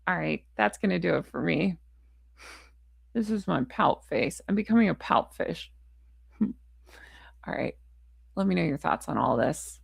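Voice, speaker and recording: A woman's voice: on the low side, animated, unhurried, gravelly, long pauses, breathy edge, no echo, studio quality. A woman vlogger in casual chat to camera, frustrated, blunt and ranting, with a chatty, rambling sign-off. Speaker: royal commentary vlogger.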